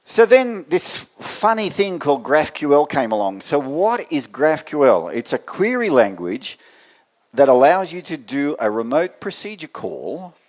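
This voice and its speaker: Give me an Australian man speaking at a tech meetup, dry humour, mid-pitched voice. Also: big pitch swings, normal speed. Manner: dry joking asides, wide swings in loudness. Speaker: conference speaker. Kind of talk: technical meetup talk. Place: meetup venue before an audience.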